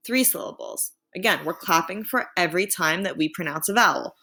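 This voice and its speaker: A woman teacher giving a remote lesson to students, clear and patient, slowing down to sound out words. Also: lowish voice, animated, very noisy.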